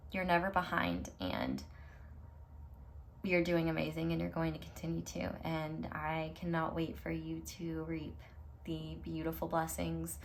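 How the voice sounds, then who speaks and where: Lower-voiced woman giving a reassuring tarot reading. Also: gravelly, a little hiss or hum. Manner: reassuring, affirming, talks straight to viewers. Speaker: tarot reader. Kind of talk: pick-a-card tarot reading to camera.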